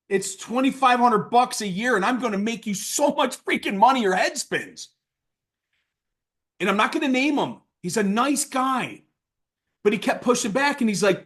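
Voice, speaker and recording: Blunt, fired-up man with a high voice. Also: animated, normal speed. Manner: blunt and worked up, swings from loud outbursts to low asides. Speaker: sales trainer. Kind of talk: casual training talk.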